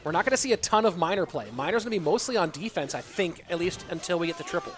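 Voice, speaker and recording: High-voiced excitable male esports caster. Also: rapid-fire, soft background music. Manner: excitable, rambling, chatty asides. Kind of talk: live esports commentary with chat reading.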